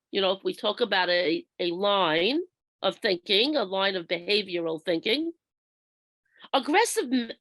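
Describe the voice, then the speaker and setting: A woman leading a workshop, explaining step by step in a measured way and acting out workplace examples. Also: medium pitch, a bit bright, no room sound. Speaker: workshop trainer. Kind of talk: instructional presentation.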